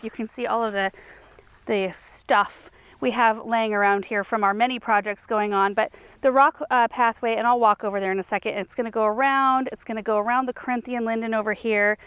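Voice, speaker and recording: A young adult woman hosting a casual garden tour vlog outdoors, chatty and enthusiastic, thinking out loud as she goes. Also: mid-range voice, smooth, dry recording. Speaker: gardening channel host.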